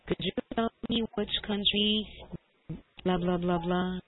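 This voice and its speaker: A woman leads a one-to-one English lesson, gently correcting her student and laughing easily. She talks at an unhurried pace, and the thin, tinny call audio sounds like a phone line. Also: fairly low pitch, steady tone. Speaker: English tutor. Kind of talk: online one-to-one language lesson. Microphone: video call.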